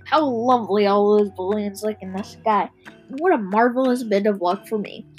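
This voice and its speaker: A man's voice: sits high, moderate pace, darkish tone, soft background music, close to an everyday voice, poor audio. A young reader voicing a nasty, scheming old man who speaks with smug, mock sweetness in a storybook reading. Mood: gloating.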